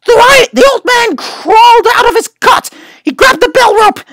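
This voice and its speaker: Brief: woman storybook reader, gravelly, animated delivery. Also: very high-pitched, normal speed, no echo. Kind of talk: reading a picture book aloud.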